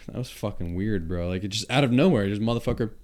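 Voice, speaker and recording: A young man with a thick Long Island accent sits in for a casual podcast chat. His voice sits on the low side as he spins animated, swear-filled stories. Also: fast talker. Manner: animated, profane storytelling. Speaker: podcast guest.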